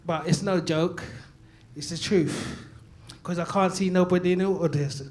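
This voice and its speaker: A man from London doing open-mic stand-up comedy, loud and chatty, laughing and calling out to the crowd. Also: high voice, normal speed, background noise. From Brixton, London. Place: stage at a comedy night.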